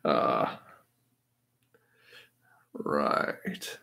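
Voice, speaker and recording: A man's voice: a bass voice, huge pitch swings, drawn-out words, gravelly, fairly bright tone. A man hosting a casual livestream, reading out chat questions with easy chuckles and self-deprecating remarks. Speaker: livestream host. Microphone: new desktop microphone.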